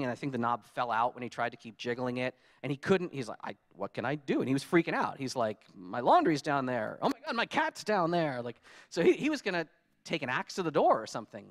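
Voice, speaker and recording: Lively, animated man giving a conference talk. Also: mid-range voice. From United States. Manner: lively storytelling, acts out his own frustrated quotes. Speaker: conference speaker. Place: conference hall.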